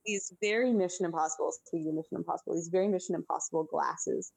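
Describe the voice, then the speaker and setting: A woman's voice: on the low side, fast, vocal fry, breathy edge, no room sound, rough recording. Chatty woman recapping a movie. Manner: chatty, animated, lots of fillers. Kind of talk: casual movie recap chat.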